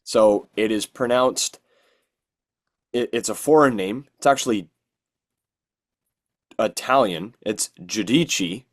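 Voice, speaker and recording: A man's voice: lowish voice, slow, long pauses. Easygoing man chatting hockey. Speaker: podcast co-host and announcer. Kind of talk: casual chat.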